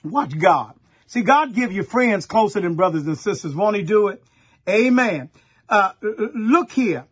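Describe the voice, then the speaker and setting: A middle-aged pastor from Texas, preaching a sermon in a folksy storytelling way and talking straight to the congregation. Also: male voice, high-pitched, expressive, a little slow, breathy edge, highs cut off.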